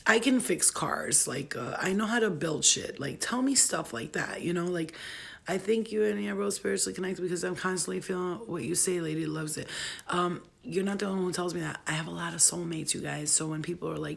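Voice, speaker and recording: A woman's voice: fairly low pitch, a little fast, vocal fry, slightly rough. A woman in her late thirties chatting on her vlog in a blunt, profane, rambling way. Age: late 30s. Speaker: vlogger. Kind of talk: casual chat.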